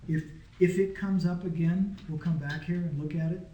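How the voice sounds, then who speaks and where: A man's voice: sits high, steady tone, normal speed, dark tone, dull audio. A man teaching a small Greek class in a casual, patient way, often checking that his students follow. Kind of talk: informal classroom lesson. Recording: echoey room.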